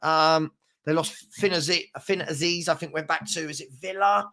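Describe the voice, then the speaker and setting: A young man chats through a morning football livestream, reading viewer comments aloud. His voice sits slightly high and rings bright and forward. He rambles, stacks up repeated words, and jumps between topics. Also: fairly even intonation, normal speed. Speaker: host of a daily football livestream.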